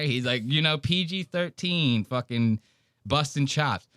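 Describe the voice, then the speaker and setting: A man's voice: mid-range voice, expressive, a little slow, a bit bright, dry recording, clean studio sound. A man co-hosting a podcast, talking in casual, mocking banter and swearing freely. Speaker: podcast co-host.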